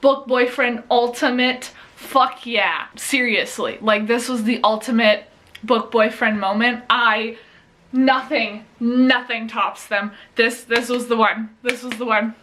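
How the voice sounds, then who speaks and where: Excitable, sweary young woman vlogger. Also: on the high side, measured pace. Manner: excitable, swears freely, gushing and laughing. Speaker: book vlogger. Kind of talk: casual reading vlog. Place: home bedroom.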